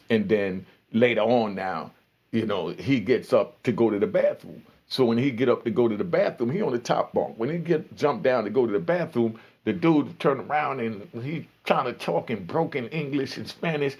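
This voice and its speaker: Gravelly New man telling stories. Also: mid-range voice. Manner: animated, slangy, acts out other people. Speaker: storyteller recounting prison life. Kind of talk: casual storytelling.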